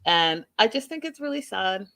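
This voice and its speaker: Chatty woman recapping TV, bright voice. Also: medium pitch, big pitch swings, normal speed. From Canada. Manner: chatty, addresses viewers directly. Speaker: host. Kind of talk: casual TV recap.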